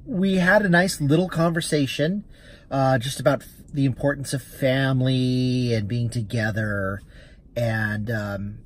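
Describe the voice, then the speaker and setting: A man, a rideshare driver and vlogger, chatting casually as he recounts a story with quoted dialogue. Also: mid-range voice.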